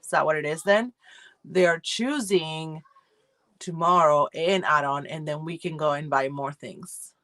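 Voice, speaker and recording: Chatty woman with a low, dry voice. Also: unhurried, fairly bright tone, no echo. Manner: chatty, rambling, many fillers and self-corrections, greets viewers by name. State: feeling cold. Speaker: subscription box reviewer hosting a livestream. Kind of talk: casual livestream chat with viewers. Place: home room.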